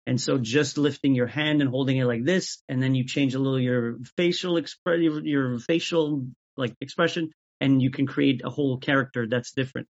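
A man talking as an interview guest about making sketches, even-keeled and often restarting his sentences. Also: mid-range voice, moderate pace, hardly any pauses. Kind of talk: casual interview chat. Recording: dull lo-fi audio.

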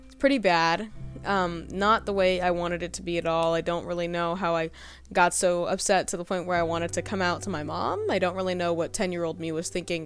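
Low-voiced young woman, rambling and hesitant. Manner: rambling, full of fillers and trailing pauses. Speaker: podcast host. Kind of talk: casual personal storytelling.

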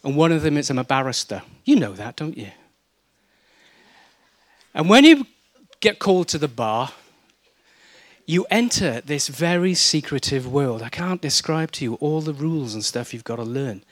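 A man's voice: fairly high pitch, normal speed, long pauses, no room sound. A middle-aged man from South Wales with a Welsh accent, preaching a sermon and telling stories with humor and mimicry. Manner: lively storytelling with mimicry and humor.

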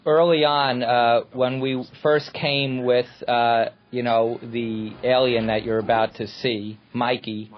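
A man's voice: mid-range voice, little pitch movement, slow pace, few pauses, lo-fi sound. A man, a film director, telling stories from the shoot and explaining how the shots were made on a commentary track. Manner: explanatory, storytelling, talks through the shots. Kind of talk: anecdotal commentary.

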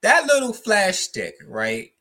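Easygoing man with an animated voice. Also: sits high, slow pace. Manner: easygoing, laughs often, acts out quoted people. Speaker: podcast co-host. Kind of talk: casual chat.

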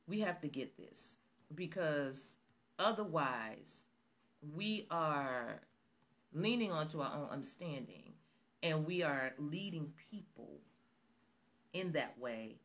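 Slow, bright-toned woman preaching. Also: sits low, expressive. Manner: emphatic, repeats phrases for stress. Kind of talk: sermon.

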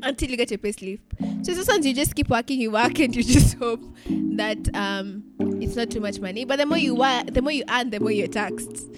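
A woman's voice: fairly high pitch, a little fast, loud music behind the voice. A woman in her twenties from Kenya with a mixed Kenyan, British and Australian accent, chatting casually as a podcast co-host, laughing often and acting out quotes. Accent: mixed Kenyan, British and Australian English. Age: 20s. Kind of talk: casual chat.

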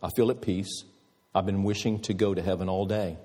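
A man voicing a dying elderly father who speaks weakly and calmly, husky, in a reverberant hall. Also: sits low, fairly quick. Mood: peaceful. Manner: weak, quiet, peaceful.

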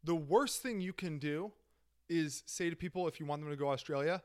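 A man's voice: on the high side, a little fast. Casual male podcast co-host. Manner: loose, profane, enthusiastic. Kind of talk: casual chat.

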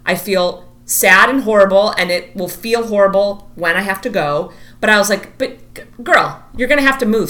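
A woman in her thirties tells a story in casual chat, her voice bright and forceful. She is animated, acts out every quoted line and says "like" a lot. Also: medium pitch.

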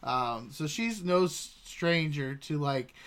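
A man's voice: fairly high pitch, animated, takes it slowly, fairly bright tone. A young man co-hosting a podcast, telling loose, rambling stories full of fillers. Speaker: podcast co-host. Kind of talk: casual chat.

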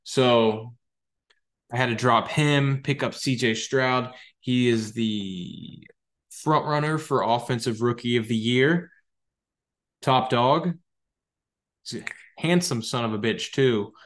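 A young man hosting a podcast, talking casually about his fantasy football league in a rambling, excitable and profane way. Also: mid-range voice, slow, long pauses. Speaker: podcast host.

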